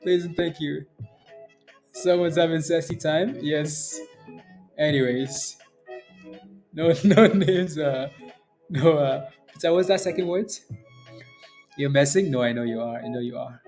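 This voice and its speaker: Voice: mid-range voice, measured pace, long pauses, a little mellow, soft background music. A day-trading livestream host giving live market commentary, cheering a rising stock with repeated exclamations and often laughing while answering viewers' chat.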